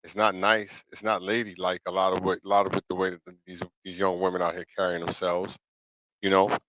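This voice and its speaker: This middle-aged man speaks a little fast in a low, level voice with a fairly bright tone; the recording is rough but has no echo. Hosting a live talk show with a New York accent, he preaches casually at viewers in a livestream monologue, repeatedly asking "you know what I'm saying?"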